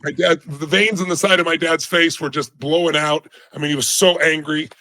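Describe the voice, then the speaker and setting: A man's voice: on the high side, steady tone, fairly quick, sharp tone. A middle-aged man, a guest in an interview, telling a personal story emphatically and acting out the people in it. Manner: emphatic, dramatic storytelling with voiced quotes.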